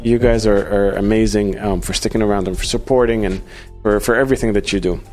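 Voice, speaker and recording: A man hosting a podcast in casual chat, halting with many fillers and restarts. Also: lowish voice, steady tone, darkish tone, faint music behind. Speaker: podcast host.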